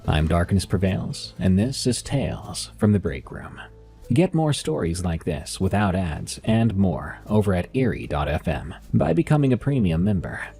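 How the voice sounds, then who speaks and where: A man with a nasal voice hosting and narrating horror stories in a calm, measured way. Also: sits low, creaky, husky, faint music behind. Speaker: horror story narrator and podcast host.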